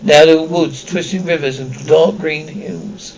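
A man's voice: a little high, fairly even intonation, unhurried, a little mellow, highs cut off. A man reading a children's fantasy novel aloud as audiobook narration, stumbling and restarting often. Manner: reads with frequent slips and restarts. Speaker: audiobook reader.

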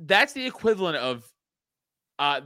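Animated, high-voiced comedian host. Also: male voice, moderate pace, no echo, studio quality. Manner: animated, profane, laughing storyteller. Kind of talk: casual chat.

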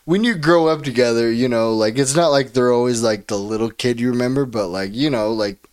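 Man, podcast co-host, meandering and filler-heavy, mid-pitched everyday voice. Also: brisk, a little mellow, clear, resonant tone. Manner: rambling, full of "like" and "you know". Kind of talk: casual chat.

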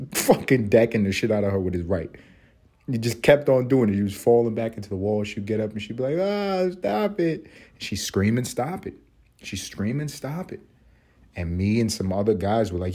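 A young man holds forth alone on his podcast, swearing freely and breaking into laughter as he mocks. His voice sits on the low side and has a husky grain. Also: darkish tone. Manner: profane, mocking, laughs often. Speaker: podcast host. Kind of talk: ranting commentary monologue.

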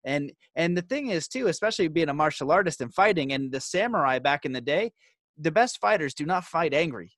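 A man's voice: fairly high pitch, lively intonation, brisk, a bit bright, no echo. A man hosting a podcast, talking in an earnest, explanatory way with hesitant restarts. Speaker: podcast host. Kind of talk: casual interview conversation.

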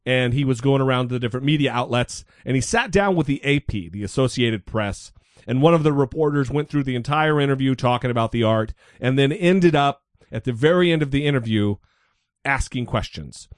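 A man's voice: medium pitch, fairly quick, dry recording, clean studio sound. A man co-hosting a podcast, talking casually and mocking the news with sarcasm. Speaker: podcast co-host.

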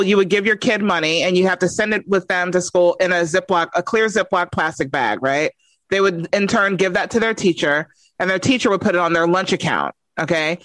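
A woman's voice: fairly low pitch, no room sound. A mother telling a story about her young daughter in a casual chat, acting out both sides of the dialogue. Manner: expressive, acts out the dialogue. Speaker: mother, podcast guest.

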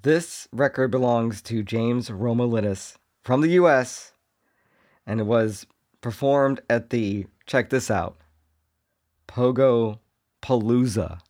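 A man hosting a comedy podcast, riffing in a jokey monologue and now and then slipping into quick voices for imagined people. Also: medium pitch, a little mellow.

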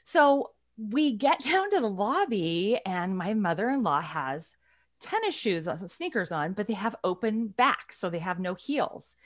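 A chatty woman co-hosting a casual talk show, spinning a story with animated energy and frequent laughter. Her voice sits mid-range in pitch but swings up and down expressively from phrase to phrase. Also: a little slow. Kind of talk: casual chat.

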